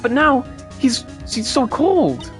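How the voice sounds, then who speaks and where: A man's voice: very high voice, sing-song, moderate pace, soft background music, pitched above the performer's own voice. A man voicing a shy, jealous young woman from a game in a raised voice, stammering and hesitating over her words.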